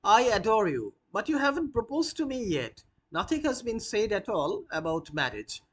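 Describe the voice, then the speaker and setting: A man reading a forward, proper young society woman's lines, his voice lifted higher than his usual talk. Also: very animated, moderate pace. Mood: prim, forward. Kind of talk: reading a play aloud in class.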